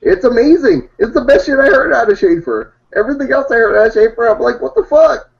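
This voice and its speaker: A man from Hawaii, a hobby rapper, talking loud, brash and profane in a casual interview. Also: extremely high pitch, lively intonation, fast, vocal fry. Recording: dull lo-fi audio.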